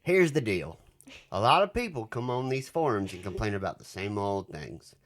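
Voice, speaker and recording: A man's voice: fairly low pitch, sing-song, normal speed, fairly bright tone, a little hiss or hum. A man voicing a male haunted-house fan reading his own review, in an emphatic, lecturing Southern US accent.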